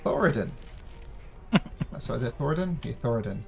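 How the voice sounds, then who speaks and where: A man running a tabletop game as game master, calmly explaining rules and narrating the scene. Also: mid-range voice, fairly quick, creaky, over music. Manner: calm, explains rules patiently.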